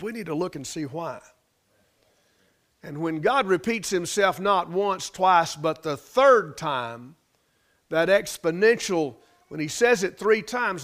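A pastor delivers his sermon in an unhurried, deliberate way, letting each phrase land before moving on. His voice sits a bit high for a man. He leans on repetition and swells in emphasis, with the odd folksy turn of grammar. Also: fairly bright tone.

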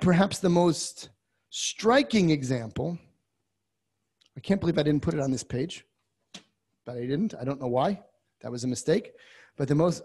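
A man teaching a class on a biblical text, moving from quiet asides to loud, impassioned readings and using many Hebrew terms. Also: fairly high pitch, husky. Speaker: Torah teacher.

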